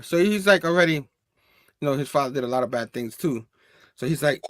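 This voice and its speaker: A man's voice: a little high, animated, brisk, pauses often, no room sound, studio quality. Chatty man reading comic panels aloud. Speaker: comic book reviewer.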